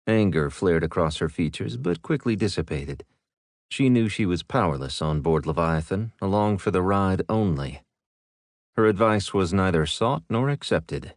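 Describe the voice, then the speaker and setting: A man narrating a science fiction audiobook with steady, plain storytelling. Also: low-pitched, normal speed, no room sound, clean studio sound. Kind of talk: scripted narration.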